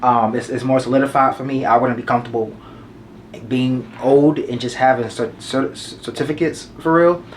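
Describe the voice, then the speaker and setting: A young man in his twenties talks straight to the camera in a loose, slangy advice monologue and hammers his points home by repeating them. His voice sits at an everyday middle pitch. A faint hum of room ambience stays under him. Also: fairly even intonation, normal speed. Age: 20s. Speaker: vlogger giving advice.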